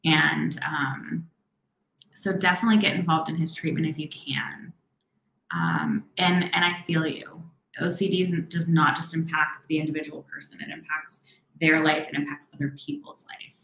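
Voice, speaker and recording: Lower-voiced woman therapist in an echoey room. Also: steady tone, gravelly, slight background noise. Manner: warm, encouraging, talks fast and slows herself down. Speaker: therapist answering viewer questions. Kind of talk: live Q&A stream.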